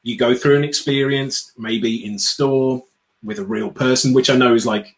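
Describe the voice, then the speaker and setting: A British man, an outspoken guest speaker, chatting casually in an interview with sarcastic, animated asides. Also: mid-range voice, normal speed, poor audio. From United Kingdom. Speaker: guest, customer experience speaker.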